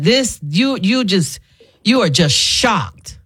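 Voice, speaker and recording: A woman's voice: mid-range voice, very animated, slow, a bit bright, husky. A woman hosting a radio call-in, playful and laughing often as she coaches callers through a game. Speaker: radio host. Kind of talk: casual call-in chat.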